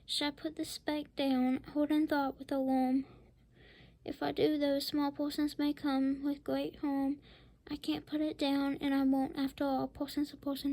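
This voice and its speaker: A woman's voice: sits high, warm tone, no echo. A woman reading a rhyming picture book aloud, with whispered asides. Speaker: storybook reader.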